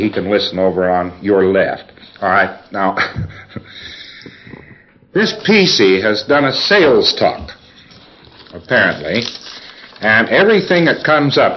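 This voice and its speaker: A man's voice: fairly low pitch, highs cut off, a little hiss or hum. A man giving a rambling, folksy lecture, reviewing sessions for a class with chuckles and asides.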